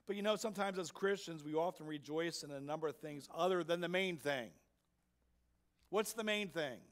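A male pastor delivers a sermon in a somewhat high voice. He stresses his points and keeps asking the congregation rhetorical questions. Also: normal speed, fairly bright tone. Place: church sanctuary.

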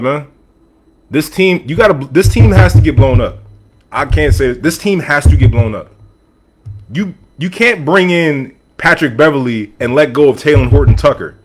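A man hosting a podcast alone, talking sports in a casual, animated and opinionated way. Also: mid-range voice. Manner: animated, opinionated, talks straight to the audience. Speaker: podcast host. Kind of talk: casual sports talk monologue. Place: room with a team flag on the wall.

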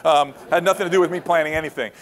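A man giving a lively storytelling talk on wildlife photography to an audience, acting out the quotes and dropping into hushed asides. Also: a little high, rapid-fire. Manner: animated, acts out quotes, drops to hushed asides. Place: presentation hall.

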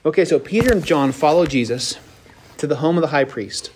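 A man teaching a casual Bible lesson to young adults, retelling the story with lively acted-out voices. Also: on the high side, a little fast, a little hiss or hum. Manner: animated storytelling, acts out voices with laughs.

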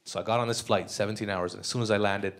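A man's voice: on the low side, fairly even intonation, very fast, a bit bright. A young Canadian man doing a live stand-up set, crude and loose, often laughing at his own jokes. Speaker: stand-up comedian. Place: comedy club stage. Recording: live club crowd audible. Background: audience laughter.

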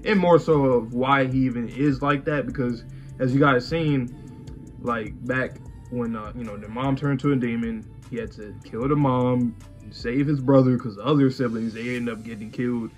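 A man's voice: mid-range voice, fairly even intonation, moderate pace, lo-fi sound, soft background music. A man co-hosting an anime reaction show, talking in a loose, rambling way with lots of fillers. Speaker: co-host of an anime reaction channel. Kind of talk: casual chat.

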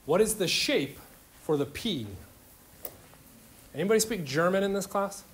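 Joking chemistry lecturer, raised pitch. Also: male voice, lively intonation, measured pace, breathy edge. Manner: informal, joking, questions to students. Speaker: chemistry instructor. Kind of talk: classroom lecture. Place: lecture classroom.

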